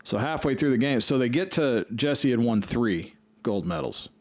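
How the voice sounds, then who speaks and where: A man's voice: medium pitch, expressive, moderate pace, no room sound. A man hosting a podcast, telling a rambling, profane story in casual chat. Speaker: podcast host.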